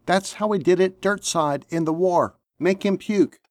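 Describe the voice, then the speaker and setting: A man reading a story, voicing a gruff, coarse older police officer who used to be an army sergeant. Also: sits high, unhurried, dry recording, clean studio sound, voice pushed up.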